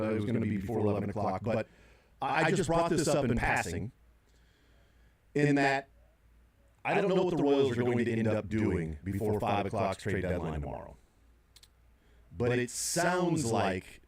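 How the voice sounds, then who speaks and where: A man's voice: on the low side, darkish tone. A middle-aged man hosting sports talk radio, rambling through his points with many fillers and restarts.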